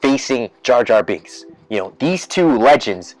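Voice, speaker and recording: A man's voice: medium pitch, unhurried, dry recording, soft background music. A man hosting a podcast in a casual rant, rambling with many fillers and restarts and getting worked up as he imagines things. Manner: grows excited and loud when imagining twists. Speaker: podcast host.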